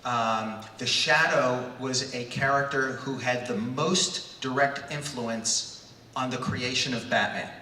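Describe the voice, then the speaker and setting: A man in his sixties, a guest on a convention panel, telling a story in an animated way and acting out voices. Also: mid-range voice, takes it slowly, slight background noise. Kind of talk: stage anecdote at a fan convention. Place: large convention hall. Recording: echoey hall, far from mic.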